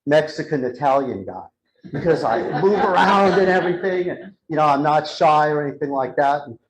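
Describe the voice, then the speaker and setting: A man giving a live talk to an audience, telling an animated story and acting out the dialogue. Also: a little high, moderate pace, crowd noise, low-quality recording. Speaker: speaker. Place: church hall with a live audience.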